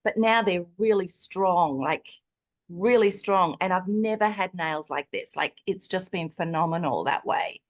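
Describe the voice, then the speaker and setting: A woman's voice: lowish voice, a little slow. A middle-aged woman on a video call, chatting animatedly with lots of fillers as she tells her own health story. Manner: chatty and animated, many fillers, acts out quoted dialogue. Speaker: guest sharing a personal health story. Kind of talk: casual video-call chat.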